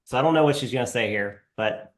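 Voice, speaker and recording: A man hosting a live webinar, demoing software in a casual, halting way with many fillers. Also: medium pitch, reverberant. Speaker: webinar host.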